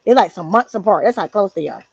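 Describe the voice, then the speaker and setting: A woman hosting a livestream, telling a story in a casual, slangy, animated way. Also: medium pitch, quick pace, creaky, husky, dry recording, lo-fi sound. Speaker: livestream host. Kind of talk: casual chat.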